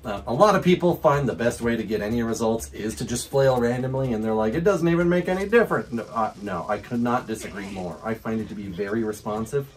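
A man hosting a let's-play video, commenting on his game to himself with frequent whoops, laughs and excited exclamations. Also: on the low side, fairly quick, few pauses, a little hiss or hum. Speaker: gaming channel host.

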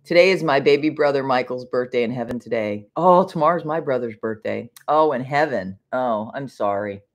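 A woman's voice: a bass voice, moderate pace. Middle-aged lady rambling on a faith livestream at home, laughs a lot, keeps getting sidetracked. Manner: chatty, distracted, laughs often. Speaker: livestream host.

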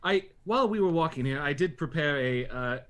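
A man's voice: on the high side, expressive, brisk, a bit bright. A man playing in a tabletop role-playing game. He talks casually and hesitantly and often restarts his sentences. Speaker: player.

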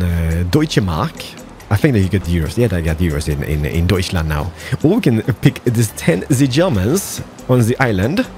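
A man hosting a gameplay video, commentating casually in a playful, excitable way with jokey asides. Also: medium pitch.

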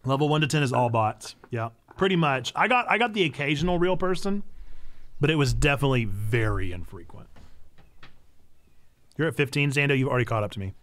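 A man's voice: mid-range voice, lively intonation, fairly quick, fairly bright tone, no echo. A young man hosting a game stream, chatting casually with viewers and repeating himself as he talks. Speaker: streamer, co-host. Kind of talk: casual gaming chat with viewers.

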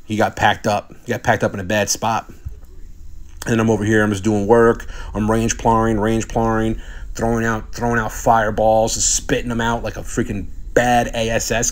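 A man's voice: lowish voice, fairly even intonation, moderate pace. A young man giving boastful, trash-talking commentary over his own gameplay footage. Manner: cocky trash talk, swaggering. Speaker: gaming video commentator.

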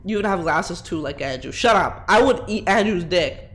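A man's voice: high-pitched, expressive, normal speed, a bit bright. A man streaming a horror game, talking crudely and rambling at his chat as he plays. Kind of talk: live gameplay commentary.

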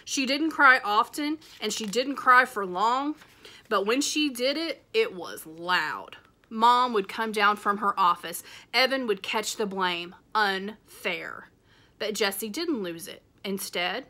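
Teacher reading aloud, expressive, bright clear tone. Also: female voice, medium pitch, measured pace. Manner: expressive storytelling. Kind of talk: reading a chapter book aloud.

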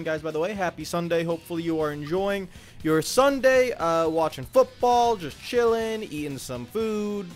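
A man hosting his gaming channel, commentating a racing game with playful, mock-villainous trash talk. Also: on the high side. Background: game music.

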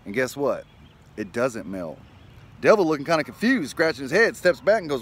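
Male joke teller, slightly high voice, lively storytelling with character voices. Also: a little fast. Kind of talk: telling a joke.

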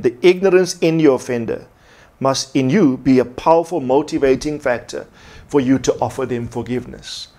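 A man's voice: medium pitch, a little mellow. A man preaching a sermon as pastor, from South Africa, emphatic and repeating his key points.

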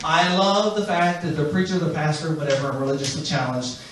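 A man's voice: on the high side, a little fast. A man performing a stand-up comedy set, chuckling as he tells his stories, recorded from afar on a club stage. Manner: animated, chuckling storyteller. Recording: echoey club from far off with noise.

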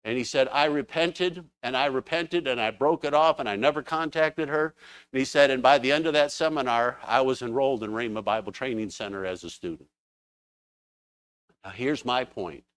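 A man preaching a sermon in a church, telling stories with fervent, animated exclamations. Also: mid-range voice, normal speed, smooth, dry recording.

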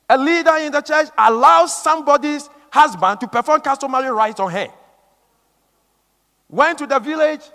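Man, preacher, very high pitch, emphatic, repetitive, hushed to shouting, long hall reverb. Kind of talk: sermon.

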